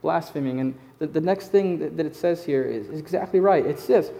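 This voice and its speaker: Male pastor delivering a sermon: casual, emphatic, repeats phrases, slightly raised pitch. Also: a little fast, gravelly, mellow.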